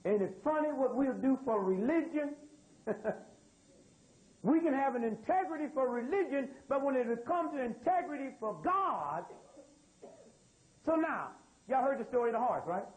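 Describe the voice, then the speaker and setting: An American man lectures live to a room full of people, telling stories in loose, drawling speech and repeatedly putting questions to the crowd. His voice is extremely high and expressive, at normal speed with frequent pauses. The recording quality is low.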